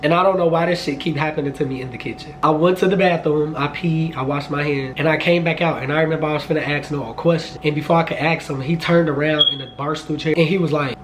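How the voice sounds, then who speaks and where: A man in his twenties telling a storytime vlog, animated and profane, jumping into high excited outbursts. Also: fast, few pauses, a little hiss or hum. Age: 20s. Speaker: vlogger.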